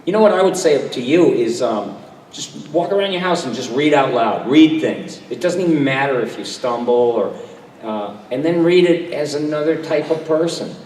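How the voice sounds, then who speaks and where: An older man speaks as a panel guest, his medium-pitched voice carrying a darkish tone as he tells relaxed stories to an audience. Chatty and self-deprecating, he breaks into quick impressions, captured distantly in an echoey convention hall with faint crowd ambience.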